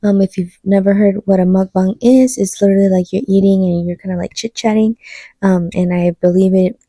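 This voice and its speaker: A woman vlogger chats casually to her phone camera in a steady, brisk, medium-pitched voice with a dark tone. Her talk is full of fillers like "um" and "like," and the phone-mic recording is dry.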